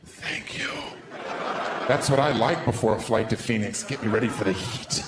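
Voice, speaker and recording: A man in his thirties performing a stand-up comedy set on stage with a handheld mic, sarcastic, with deadpan asides. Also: lowish voice, fairly quick. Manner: sarcastic, deadpan asides, swoops into silly voices. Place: comedy stage before a live audience. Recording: echoey room, crowd laughter, background noise.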